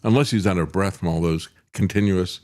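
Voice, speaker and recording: Brief: middle-aged male commentary host, lowish voice, wry and sardonic, filler-heavy delivery into a studio mic. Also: brisk, dark tone. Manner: sardonic, chuckling asides, frequent "uh" fillers. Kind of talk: political commentary show.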